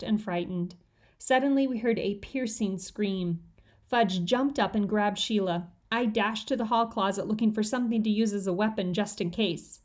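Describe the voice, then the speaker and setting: A woman reading a children's chapter book aloud, lively and shifting her voice for each character. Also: medium pitch. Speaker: audiobook reader.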